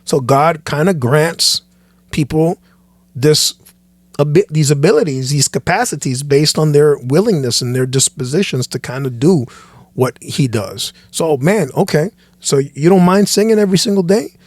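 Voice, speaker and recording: Animated preachy man, dry close mic. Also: a little high, normal speed, no echo. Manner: animated, preachy, repeats and restarts phrases. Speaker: pastor, podcast guest. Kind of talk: casual podcast chat.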